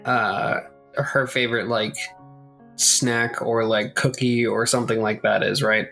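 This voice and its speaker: A man's voice: medium pitch, little pitch movement, measured pace, creaky, bright, forceful tone, soft background music. Rambling man playing a tabletop game. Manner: rambling, hedges a lot with fillers. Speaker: player. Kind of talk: casual tabletop chat.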